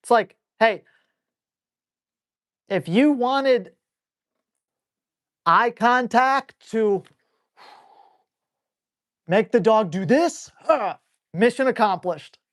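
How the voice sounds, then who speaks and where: A man working as a dog trainer, answering viewer questions on a live stream in a blunt, rough-talking way and playfully scolding dogs out loud. He is animated, speeding up and then drawing words out. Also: very high-pitched. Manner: animated, switches between brisk and drawn-out speech. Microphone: live stream mic.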